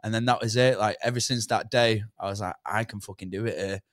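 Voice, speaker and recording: A man's voice: on the low side, steady tone, quick pace, no room sound, studio quality. An English man, a podcast guest, talking in blunt, casual, sweary chat about himself. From England. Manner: blunt and sweary, says "do you know what I mean" a lot.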